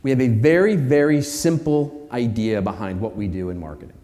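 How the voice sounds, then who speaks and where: A man's voice: medium pitch, darkish tone. A man giving a conference keynote speech, emphatic, repeating phrases and asking the audience questions. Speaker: keynote speaker. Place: conference hall. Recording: hall reverb.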